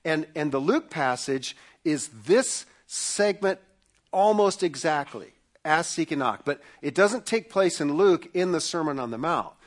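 A man's voice: on the high side, animated, unhurried. A man giving an earnest sermon as pastor, often repeating words as he builds his point.

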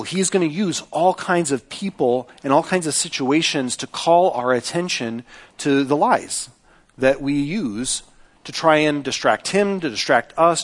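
A man preaching a sermon in a conversational way, often checking in with listeners by asking "right?". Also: medium pitch. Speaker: pastor.

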